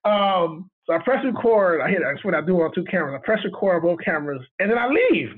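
A man's voice: sits high, animated, fast, husky. A man, a guest cinematographer, telling a story in casual chat, acting out quoted dialogue and laughing often. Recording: tinny phone line.

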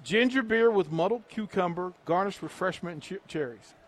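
There's slight background noise as a middle-aged man with a high voice, speaking at normal speed, runs a live radio remote on a restaurant patio. Punchy and hype-driven, he reads through the sponsor's menu.

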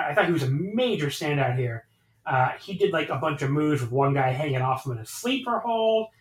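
A man hosting a podcast, recapping matches in casual chat, animated and swearing freely as he rambles through the action. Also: medium pitch, roomy sound, low-quality recording. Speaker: podcast host.

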